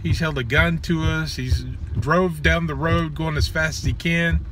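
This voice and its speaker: A man's voice: on the high side, steady tone, unhurried, background noise. A man vlogging, telling personal stories in a blunt, crude, joking and then earnest way, outdoors near a road. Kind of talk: casual personal storytelling.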